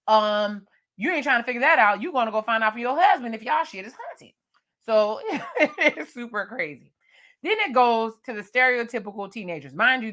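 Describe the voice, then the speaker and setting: A woman's voice: fairly high pitch, bright, forceful tone. A woman recapping a horror movie with jokes and slang, laughing often. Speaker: movie reviewer.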